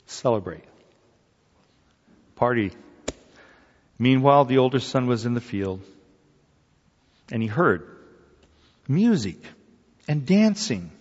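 A man preaching a sermon, retelling a parable with lively storytelling and acting out the figures' voices with rising excitement. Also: medium pitch, takes it slowly, vocal fry, pauses often, breathy edge, in a large hall, dull audio.

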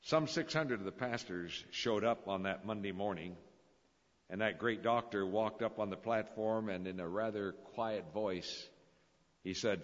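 A man's voice: low voice, normal speed. A man preaching a sermon, telling stories with dramatic, swelling emphasis. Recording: dull lo-fi recording in a reverberant hall.

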